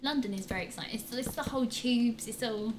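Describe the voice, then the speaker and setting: A woman's voice: a little high, quick pace, background noise. A woman chatting casually beside a streamer, chiming in with short remarks and easy laughs. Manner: brief interjections, laughs easily. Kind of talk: casual chat.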